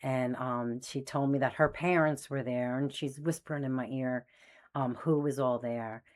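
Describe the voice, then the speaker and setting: Woman in her sixties, low voice, storytelling, lively, acts out quoted voices. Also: normal speed. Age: 60s. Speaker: spiritual medium host. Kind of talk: personal storytelling.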